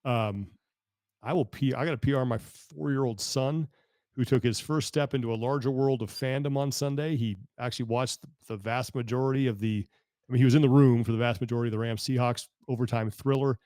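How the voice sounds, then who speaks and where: Picture a man who is one of the hosts of a podcast, chatting casually and spinning a funny story with a lot of energy. He laughs easily between lines. His voice sits at an ordinary pitch and is recorded close and dry, with no room sound. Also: no echo. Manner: animated storyteller, quick to laugh. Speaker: podcast host. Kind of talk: casual chat.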